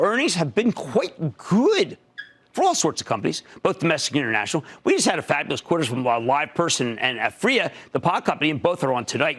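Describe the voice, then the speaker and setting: A man hosting a TV financial commentary show, delivering an emphatic monologue with sudden loud jumps. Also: a little high, husky. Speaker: TV market commentator. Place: TV studio.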